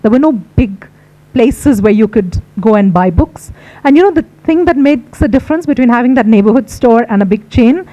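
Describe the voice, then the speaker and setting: Middle-aged Indian woman, book editor, public lecture, warm mellow tone, reflective conversational delivery. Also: fairly high pitch, low-quality recording. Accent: Indian English.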